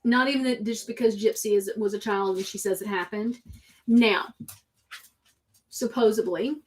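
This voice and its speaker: A woman's voice: medium pitch, steady tone, moderate pace. A woman hosts a show in a casual, opinionated way. She talks emphatically and drives her points home by repeating them. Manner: emphatic, repeats herself for effect. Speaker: host.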